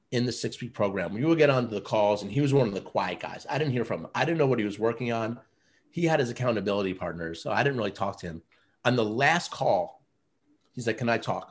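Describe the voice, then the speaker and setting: Brisk and animated, his mid-range voice slightly rough, the man behind a men's coaching program spins earnest stories in a relaxed interview. "You know" and "like" show up constantly.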